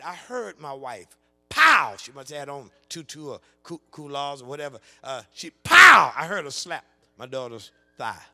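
A middle-aged man preaching a sermon, telling a folksy family story that builds into shouted preaching with call-and-response. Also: medium pitch. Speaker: guest preacher.

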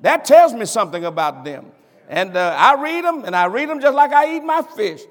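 A man preaching a sermon, rising to shouted emphasis and calling out questions to the congregation. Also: very high-pitched, sing-song, moderate pace, in a large hall.

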